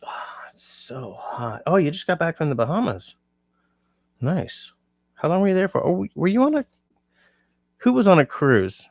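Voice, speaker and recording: A man's voice: high voice, big pitch swings, normal speed, creaky, long pauses, a little mellow, dry recording, clean studio sound. A tired man hosting a casual livestream, rambling and reading out comments from his chat. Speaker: livestream host.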